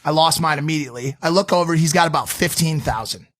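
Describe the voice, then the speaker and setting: A young man co-hosting a casual podcast, spinning a wild story with plenty of swearing. His voice sits a little higher than most men's, and he throws himself into acting out what everyone said. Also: fast, fairly bright tone. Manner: profane, vivid, acts out quotes. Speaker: podcast co-host. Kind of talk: animated storytelling.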